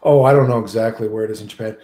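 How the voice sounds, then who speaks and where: A man's voice: fairly low pitch, fairly even intonation, rapid-fire, mellow, echoey room. A man with a Southern American accent, chatting casually with live viewers, rambling, swearing freely and tagging his lines with "right?". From United States. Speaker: livestreamer.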